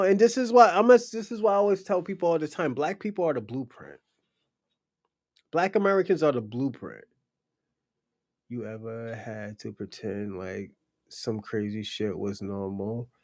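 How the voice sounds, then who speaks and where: A man's voice: medium pitch, moderate pace, long pauses, a little mellow, dry recording, clean studio sound. A young adult man hosting a livestream, chatting casually in a blunt, profane, rambling storytelling way. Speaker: livestream host.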